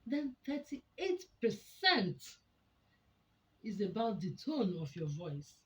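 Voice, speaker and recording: A woman giving a teaching talk to an audience, deliberate and emphatic, often asking rhetorical questions. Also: medium pitch, big pitch swings, poor audio. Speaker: speaker on a women's program.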